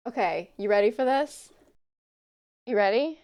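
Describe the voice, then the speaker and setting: On the high side and a little mellow, this woman's expressive voice comes through a little slowly in a recording with no room sound. During a gaming live stream she chats casually with viewers, talks to chat, and describes herself as very emotional.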